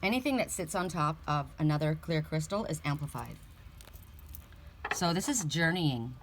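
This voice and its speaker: Woman, oracle card reader, casual and blunt, chatty, low voice, faint background noise. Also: animated, moderate pace. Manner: chatty and blunt, swears casually, laughs often.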